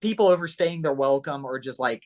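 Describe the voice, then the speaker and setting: A man from Ohio chatting as a guest on a casual podcast. He tells his stories with lively energy and slips into the voices of the people he quotes. His voice sits at an ordinary, middle pitch for a man. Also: brisk. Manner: animated storyteller, acts out quoted voices.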